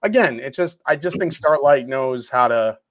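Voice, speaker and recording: A man co-hosting a whiskey club tasting, chatting in an animated way and swearing casually. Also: medium pitch, moderate pace, no room sound.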